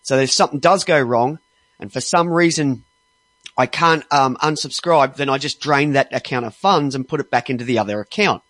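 A man's voice: mid-range voice, normal speed, fairly bright tone, dry recording. A man ranting angrily, heavily profane and exasperated, stumbling and restarting as he gets worked up. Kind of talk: angry ranting monologue.

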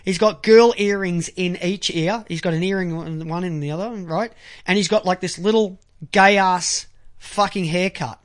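A man ranting crudely to camera, halting when he reads aloud. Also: sits high. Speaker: vlogger. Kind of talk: angry profane monologue to camera.

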